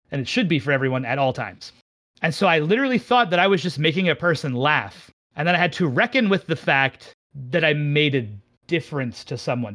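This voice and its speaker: Man, game shop owner, guest. Self-deprecating, animated storyteller, slightly higher pitch. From Pittsburgh area, United States. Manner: animated, self-mocking, rambling with restarts. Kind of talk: candid storytelling in casual chat.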